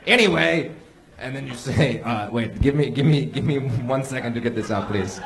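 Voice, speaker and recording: A man on a comedy panel who pitches jokes in a dry, mock-helpful way. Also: animated, moderate pace, creaky, a bit bright. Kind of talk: live comedy panel banter.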